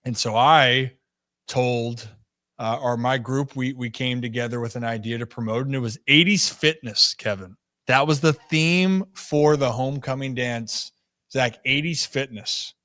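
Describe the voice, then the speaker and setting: A man's voice: mid-range voice, measured pace, pushed and bright, dry recording, clean studio sound. A man hosting a casual sports show, upbeat and playful, telling stories to his co-hosts. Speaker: host.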